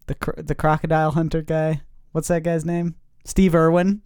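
A man co-hosting a casual podcast, going off on animated, rambling tangents. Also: fairly high pitch, normal speed, clear, resonant tone, no room sound, clean studio sound. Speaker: podcast co-host. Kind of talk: casual chat.

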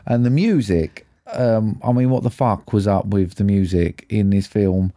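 A man's voice: on the low side, a little slow, dark tone, dry recording, clean studio sound. A man, chatting casually as a podcast co-host reviewing a film, sweary and rambling. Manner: sweary, laid-back and rambling.

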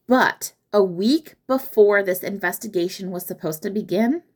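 Female podcast host, casual storyteller, conversational, mid-range voice. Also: mid-range voice. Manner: chatty, acts out quotes in mock voices.

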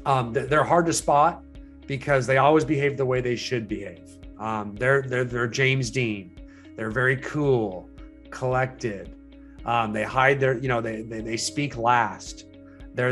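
A man's voice: mid-range voice, fairly bright tone. Man coaching agents, conversational, restarting. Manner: conversational, explanatory, frequent restarts and fillers. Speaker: real estate sales coach. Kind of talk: teaching a training session.

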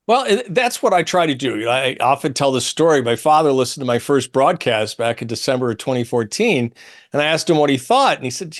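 A man's voice: medium pitch, a little fast. A man hosting a talk radio show, speaking emphatically and acting out quotes from others. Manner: animated, emphatic, quotes others in changed tones.

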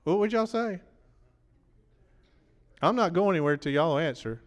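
A man's voice: on the high side, expressive, normal speed, big-room sound. A man preaching a sermon, talking conversationally and quizzing the congregation, his voice worn from preaching.

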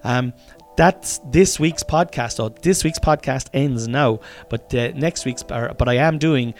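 A man's voice: medium pitch, a little slow, faint music behind. An Irish man hosting his own podcast in a rambling, tired, casual diary style, swearing often and restarting sentences. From Ireland. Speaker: podcast host.

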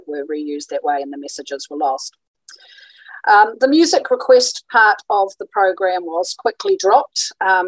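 A woman gives an informal history talk, thinking aloud with frequent ums and small restarts. Her voice sits slightly low. The recording is dry and close, with no room sound. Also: slightly rough, no echo, low-quality recording. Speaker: presenter on radio history.

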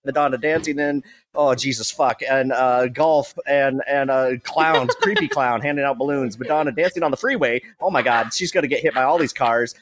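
A man, a regular of a comedy show, rushing to describe a music video as it plays, stammering, swearing and laughing. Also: medium pitch, big pitch swings, a bit bright.

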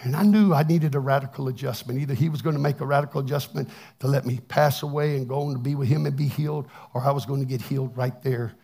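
A man's voice: mid-range voice, steady tone, quick pace, gravelly, warm tone. A man preaching a plainspoken, folksy testimony sermon, often repeating words as he restarts. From Texas. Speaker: pastor.

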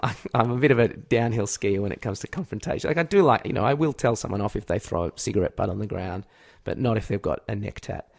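Animated Australian man telling stories. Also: on the low side, fast talker, gravelly, hardly any pauses. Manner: animated storytelling, acts out shouts, swears freely. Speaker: podcast co-host. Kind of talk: casual comedic chat.

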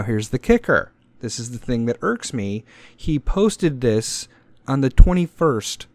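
A man hosting his own podcast, talking straight into the microphone in a casual, profane, rambling and sarcastic rant. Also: medium pitch. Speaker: podcast host. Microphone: podcast microphone, pop filter.

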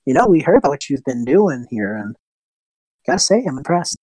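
A man voicing a kind, gentle male half-elf bard who talks in earnest, soft-spoken advice. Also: mid-range voice, very animated, brisk, husky, no echo, poor audio. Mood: warm.

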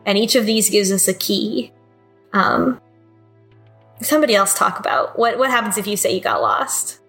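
A woman's voice: mid-range voice, moderate pace, a bit bright, faint music behind. A woman co-hosting a casual podcast chat, recapping a video game with loose laughter and swearing. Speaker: podcast co-host.

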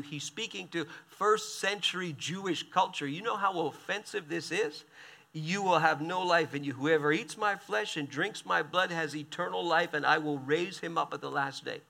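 A man preaching a sermon, reading scripture aloud and breaking in with quick, animated asides. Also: high-pitched, gravelly. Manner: animated, quick asides between read passages.

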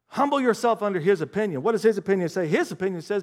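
A man preaching a sermon, telling stories with emphatic repetition and rising to forceful exclamations. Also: high-pitched, fast. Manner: animated storytelling, emphatic repetition. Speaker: pastor.

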